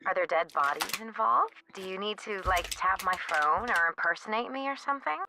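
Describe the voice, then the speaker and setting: A woman's voice: mid-range voice, lively intonation, fairly quick, background noise, lightly acted. An actress voicing a flippant, sarcastic young woman artist in a video game, full of slang. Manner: sarcastic, valley-girl slang.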